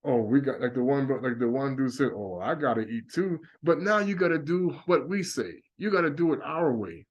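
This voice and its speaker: A man's voice: mid-range voice, animated, a little fast, hardly any pauses, dull audio. A man giving an impassioned religious monologue, emphatic and preachy, repeating his warnings again and again. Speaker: religious speaker.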